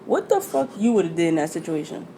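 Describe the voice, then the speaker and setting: A woman's voice: lowish voice, quick pace, creaky, slight background noise. Profane storytelling woman from Jersey City. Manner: storytelling, profane, animated retelling. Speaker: podcast host. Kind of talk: casual chat.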